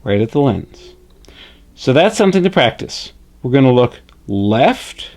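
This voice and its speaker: A man's voice: mid-range voice, very animated, darkish tone. A man voicing Frederick, a friendly male hand puppet who teaches puppetry basics on camera in a chipper way, often tagging "eh?". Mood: instructive. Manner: chipper, says "eh?" a lot, slow and deliberate.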